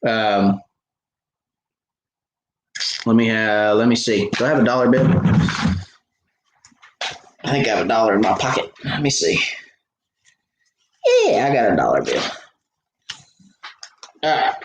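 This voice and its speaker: A man's voice: lowish voice, animated, a little slow, pauses often, echoey room, a little hiss or hum, low-quality recording. A man hosting a live fishing Q&A, chatting casually and retelling stories with many fillers and restarts. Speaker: fishing show host answering viewer questions.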